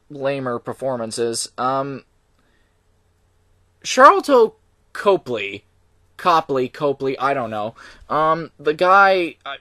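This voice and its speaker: A young film reviewer gives a casual spoken movie review, opinionated and hesitant, full of ums and restarts as he complains in a lively way. His voice is on the high side, recorded with clean studio sound and no echo.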